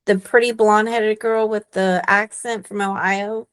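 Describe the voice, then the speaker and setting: A woman's voice: medium pitch, little pitch movement, measured pace, clean tone. A woman working as a real estate agent, chatting on a group call and telling how a line worked with a client. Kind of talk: sharing a story on a group call.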